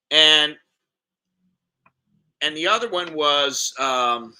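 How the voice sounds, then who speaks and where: A middle-aged American expat vlogger tells a rambling story in a casual vlog, repeating words and acting out what other people said. His voice sits on the high side, sounds pushed and bright, and moves at a measured pace.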